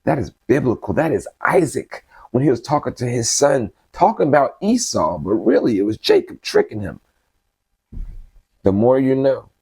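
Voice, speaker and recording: A man's voice: mid-range voice, wildly swooping pitch, normal speed, darkish tone, husky, no echo. A man giving casual, slangy Bible study commentary, reading passages aloud and then riffing on them conversationally.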